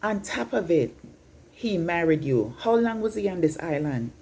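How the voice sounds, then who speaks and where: A woman's voice: lowish voice, sing-song, normal speed, darkish tone, husky. A Jamaican woman in her fifties giving an incredulous, scolding opinion vlog, slipping in and out of patois. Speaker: vlogger.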